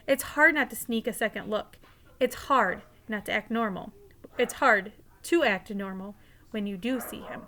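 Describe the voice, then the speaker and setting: A woman's voice: fairly high pitch, pushed and bright, a little hiss or hum. A woman teacher reading a novel aloud in a casual, conversational way, sometimes restarting a line.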